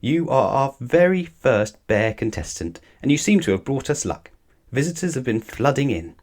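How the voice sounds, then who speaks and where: A man's voice: medium pitch, big pitch swings, moderate pace, a little mellow, pitched above the performer's own voice. A man reading a storybook voices a kindly, grateful man at the gate.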